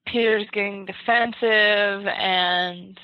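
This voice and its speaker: A woman in a casual book discussion, giving a steady summary of the plot. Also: mid-range voice, slow pace, dry recording, lo-fi sound.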